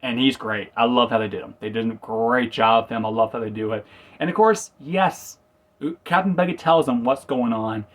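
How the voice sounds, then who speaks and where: A man's voice: medium pitch, normal speed. Rambling man recapping an episode. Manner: rambling, self-correcting, acts out quotes. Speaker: reviewer. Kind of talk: casual spoken review.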